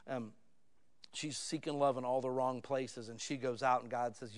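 A man in his fifties delivers a sermon in a loose, conversational way, calling his listeners "guys." His mid-range voice drops to near-whispers for asides and then climbs loud and excited as his stories build. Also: medium pitch, moderate pace. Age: 50s. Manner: storytelling, swings from hushed to loud and excited. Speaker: pastor.

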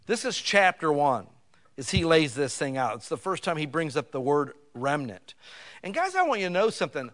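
A male pastor preaching a sermon in a folksy, conversational way, building to loud emphasis on scripture. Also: a little high.

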